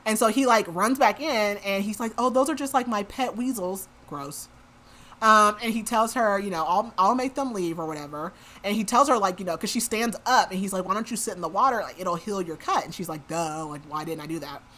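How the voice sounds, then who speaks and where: A woman with a bright, forward voice talks through a book's plot on her podcast. Her delivery is loose and conversational, packed with "like" and quick asides. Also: medium pitch. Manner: chatty, says "like" a lot. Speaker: podcast host. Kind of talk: casual book recap.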